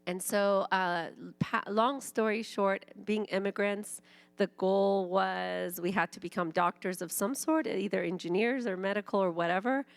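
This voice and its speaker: A woman in her forties from Iran, whose first language is Farsi, telling her personal testimony to a church in a lively storytelling manner. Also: mid-range voice, measured pace, vocal fry, no room sound. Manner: animated storytelling, acting out quoted voices. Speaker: church speaker.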